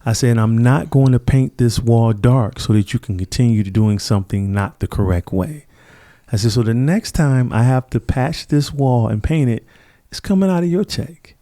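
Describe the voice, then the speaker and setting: A middle-aged podcast guest tells stories in a conversational interview, earnest and reflective, acting out the people he quotes. His medium-pitched voice is mellow and moderately paced.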